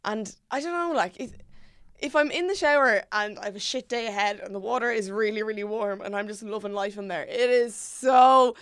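A woman's voice: mid-range voice, a little fast, fairly bright tone, smooth, no echo. A woman co-hosting a casual podcast, reading out listener questions and laughing often. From Ireland. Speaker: podcast co-host.

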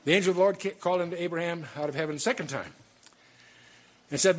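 A man's voice: fairly high pitch, fast talker, long pauses. A man teaching a verse-by-verse Bible study, reading scripture aloud and breaking off to explain it with asides and restarts.

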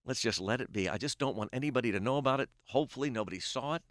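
A middle-aged man spins a baseball yarn on a podcast, slipping into the voices of the people he quotes. His voice sits at an ordinary pitch, and the recording is close and dry with no room sound. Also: rapid-fire, dry recording. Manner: animated storyteller who acts out quoted dialogue. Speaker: guest, baseball play-by-play announcer. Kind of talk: casual podcast storytelling.

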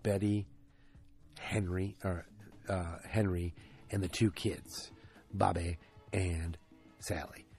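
A man's voice: sits low, steady tone, takes it slowly, vocal fry, long pauses, a little mellow, soft background music. A man casually recapping a TV episode, ranting, swearing and drifting off on tangents.

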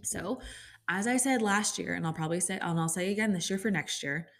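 A woman's voice: fairly low pitch, fairly quick. A woman in her thirties hosting a casual talk show, ranting sarcastically and filling her talk with "like". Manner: chatty, sarcastic ranting with many likes. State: upset stomach. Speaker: podcast host. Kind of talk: casual chat.

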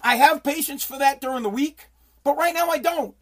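A man's voice: very high-pitched, a little fast, fairly bright tone. A man, a radio personality, venting in a profane, exasperated ranting monologue, circling back and repeating himself.

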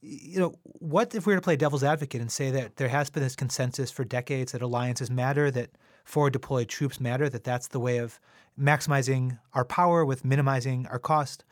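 A man's voice: medium pitch, steady tone, fairly quick, no echo, clean studio sound. A man co-hosting a podcast discussion, wry and probing in his questions. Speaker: co-host.

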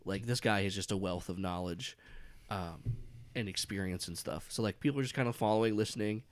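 A man's voice: on the low side, brisk. Rambling, laughing male game master. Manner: rambling, laughs often, many fillers. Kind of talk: narrating a tabletop game.

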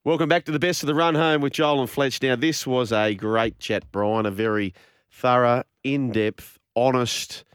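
Smooth-voiced Australian male radio host. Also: mid-range voice, steady tone, moderate pace, no echo, studio quality. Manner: earnest, introducing segments. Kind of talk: radio hosting.

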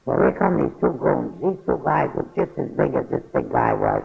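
Gravelly older man telling a street story. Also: medium pitch, wildly swooping pitch, normal speed. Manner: blunt, profane, matter-of-fact storytelling. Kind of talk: casual spoken memoir. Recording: phone-like narrow band.

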